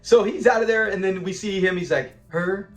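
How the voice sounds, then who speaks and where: A middle-aged man giving casual commentary on a sitcom episode, animated, laughing often and acting out quotes. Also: sits high, fairly quick, faint music behind. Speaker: TV episode reviewer.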